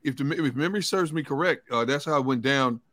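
A man's voice: mid-range voice, fast talker, fairly bright tone, no room sound, studio quality. A man, a sports reporter co-hosting a talk show, recalling players in an emphatic, conversational way.

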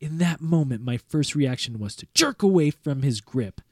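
A man reading a first-person story aloud in a measured, earnest way, as a podcast host. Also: a little high, animated, no room sound, clean studio sound.

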